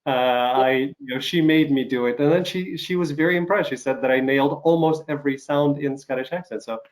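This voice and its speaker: A man's voice: medium pitch, a little fast. Male host, recovering from illness, chatty and rambling, full of fillers, on a video call. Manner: rambling, lots of fillers and restarts. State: recovering from covid, some coughing. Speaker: podcast host. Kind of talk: casual interview chat.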